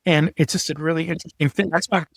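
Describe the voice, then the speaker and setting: Middle-aged guy, high voice, super animated and swears a lot, acts out stories, dry close mic. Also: quick pace, gravelly, no echo. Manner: animated storyteller, profane, acts out quotes. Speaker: podcast guest, graphic designer. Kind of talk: casual chat.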